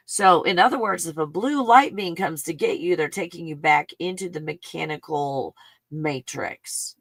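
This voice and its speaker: A livestream host talking through an excited monologue, thinking aloud, bursting into exclamations and swearing under the breath. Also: mid-range voice, no echo. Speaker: live stream host.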